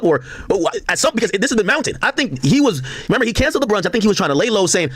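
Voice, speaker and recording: A man with a fairly high voice races through his talk in a casual podcast chat. The sound is dry and close, and he retells things with many restarts. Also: big pitch swings, fairly bright tone, slightly rough, no room sound. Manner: rapid, storytelling, full of restarts.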